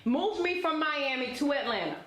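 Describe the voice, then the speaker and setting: Lively storytelling woman, higher voice. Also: normal speed. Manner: lively, colloquial, addresses listeners directly. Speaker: interview guest, relationship coach. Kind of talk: personal storytelling in conversation. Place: indoor event space. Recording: roomy echo.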